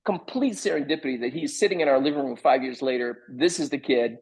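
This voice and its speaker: A middle-aged man, a playwright, telling an animated anecdote and acting out other people's lines as he goes. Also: mid-range voice, fast, breathy edge, low-quality recording. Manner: lively, acts out other people's lines in quoted voices. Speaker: playwright guest.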